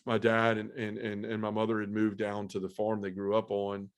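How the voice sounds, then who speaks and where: A man sharing an emotional personal testimony as a podcast guest, earnest and halting, with many fillers. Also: fairly low pitch, completely flat delivery, clear, resonant tone. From Memphis area, US South.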